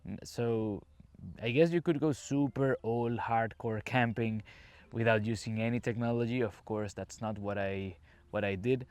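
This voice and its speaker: A man's voice: mid-range voice, steady tone, a little slow, a little mellow, clean tone, no room sound. A man from a Caribbean island, an English teacher hosting a casual podcast, talking chattily to the listener while walking around a campsite, recorded on his phone. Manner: chatty, explanatory, addresses listener directly. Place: campsite, outdoors.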